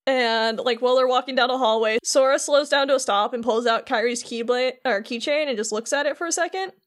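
A woman's voice: on the high side, fairly quick. A woman co-hosting a casual podcast, retelling a game's story scene by scene and quoting the characters in her own voice. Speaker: podcast co-host.

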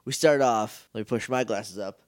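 A young man co-hosting a podcast, recapping a TV episode in casual chat and dropping into quick goofy character voices. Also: on the low side, no room sound, studio quality. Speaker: podcast co-host.

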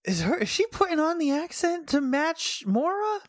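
A man co-hosting a podcast in casual chat, jokey and quick to laugh. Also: extremely high pitch, very animated, no room sound, clean studio sound. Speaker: podcast co-host.

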